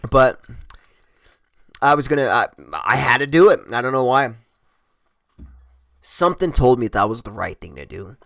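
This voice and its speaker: Man, middle-pitched voice, dry close sound, rambling profane anecdote, laughs at himself. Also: lively intonation, moderate pace, gravelly, pauses often, fairly bright tone, no echo. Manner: rambling, swears constantly, chuckles at himself. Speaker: storyteller. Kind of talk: casual profane storytelling.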